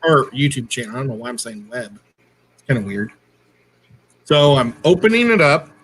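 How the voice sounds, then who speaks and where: A man's voice: mid-range voice, very animated, moderate pace, fairly bright tone, slight background noise. A man co-hosting a casual livestream, chatty and jokey, often stopping to correct himself. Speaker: co-host.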